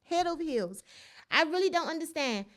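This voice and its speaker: A woman's voice: high voice, animated, normal speed, a bit bright. A woman hosting a solo podcast, ranting in casual commentary with incredulous, profane outbursts and speech. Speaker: podcast host.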